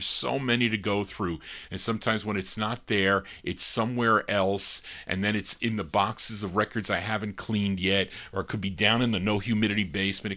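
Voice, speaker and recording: A man's voice: on the low side, sharp tone. A middle-aged man hosting a record show, chatting casually between songs and piling on details about labels, dates and requests. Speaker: radio-style record show host.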